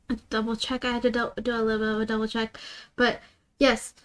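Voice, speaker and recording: A woman's voice: on the high side, a little mellow, slight background noise. A woman streaming a game, chatting casually with her viewers in a playfully dramatic way, sometimes dropping into a half-whisper. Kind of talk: casual live-stream chat while gaming.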